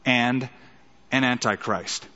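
A man's voice: medium pitch, steady tone, slow, sharp tone, big-room sound, lo-fi sound. A middle-aged man preaching a sermon as a pastor, emphatic, with rhetorical questions and dramatic quoted lines.

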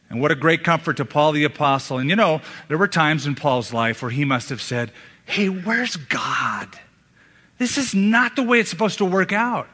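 A male pastor preaching a sermon in a church, emphatic, with dramatic pauses and hushed drops. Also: fairly high pitch. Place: church sanctuary. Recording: long hall reverb.

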